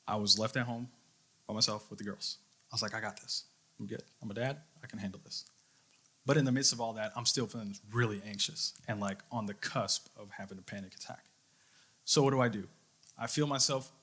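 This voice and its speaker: A youth leader preaching to young people, a man with a somewhat low but bright, forceful voice. He tells his story earnestly and voices his own inner thoughts as he goes. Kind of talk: sermon.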